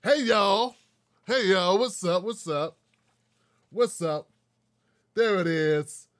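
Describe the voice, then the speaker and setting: A man hosts a live political talk show and greets his viewers in a loose, joking way. He makes dry, sarcastic asides. His voice sits a bit high, and the sound is close and dry with no room echo. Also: takes it slowly. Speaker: show host.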